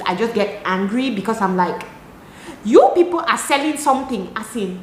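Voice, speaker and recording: A young Cameroonian woman with a Cameroonian accent, chatting to camera in an animated, exasperated way. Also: on the high side, normal speed, slight background noise. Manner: animated, talks with her hands, rhetorical and exasperated. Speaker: lifestyle vlogger. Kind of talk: casual chat to camera. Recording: echoey room.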